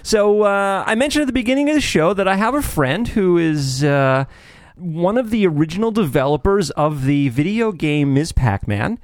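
A man hosting a radio talk show, with a slightly high voice that jumps around as he jokes and rambles. The sound is close and dry, with no room echo. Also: moderate pace. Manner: animated, joking, many fillers. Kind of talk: casual radio chat.

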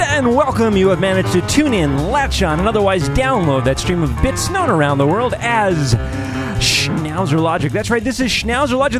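A podcast host delivering playful, jokey chatter and introductions. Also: female voice, medium pitch. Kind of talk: comedic podcast banter.

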